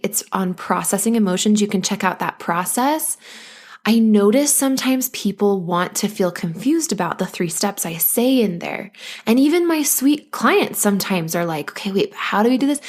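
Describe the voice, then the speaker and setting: A woman hosting a solo podcast as a postpartum coach, talking listeners gently through anxiety and now and then acting out their worried thoughts. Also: medium pitch. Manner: gentle, coaching, acts out anxious inner voices.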